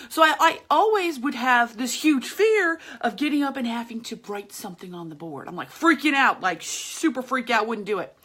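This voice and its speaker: This podcast host's high-ish, sharp voice has lively intonation and moves a little fast with hardly any pauses. Addressing viewers straight through the camera, she gives an emphatic, slang-heavy, chatty pep talk on her own show.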